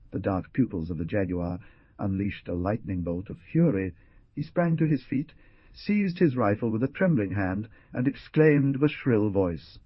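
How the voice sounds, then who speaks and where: Husky, low-voiced audiobook narrator man. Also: unhurried, no room sound, muffled recording. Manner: dramatic, expressive reading. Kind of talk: scripted narration.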